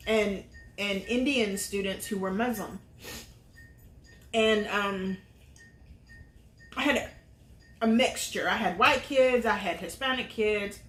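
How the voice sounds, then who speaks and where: A woman's voice: mid-range voice, fairly bright tone. A middle-aged woman, a vlog host, telling a personal story in earnest with many fillers. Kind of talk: casual storytelling chat. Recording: roomy echo.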